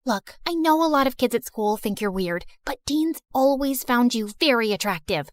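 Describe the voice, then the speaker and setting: A woman's voice: a little high, animated, moderate pace, no room sound, studio quality, natural voice. A woman voicing a vengeful, popular teenage girl who talks persuasively as she schemes. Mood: scheming.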